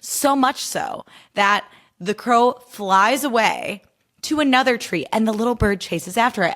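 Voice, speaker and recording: A woman hosting her podcast in a casual pop culture chat, animated, profane and full of "like" and "okay?". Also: medium pitch. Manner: animated storyteller. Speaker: podcast host.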